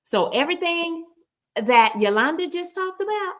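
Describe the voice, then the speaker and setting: A woman's voice: extremely high pitch, very animated, moderate pace, a bit bright. A woman hosting a live stream, chatting casually and addressing viewers directly as y'all.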